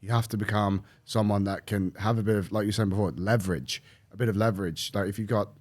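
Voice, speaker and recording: A man's voice: on the low side, fast. Rambling, swearing man in casual chat. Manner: rambling, profane, animated storytelling with many restarts. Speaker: podcast guest.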